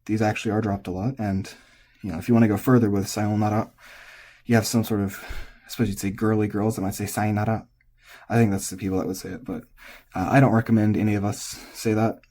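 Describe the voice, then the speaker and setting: Husky, mellow-voiced American man teaching. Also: on the low side. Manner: thinking aloud with hesitant restarts. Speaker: Japanese pitch-accent tutor. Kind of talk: casual spoken lesson.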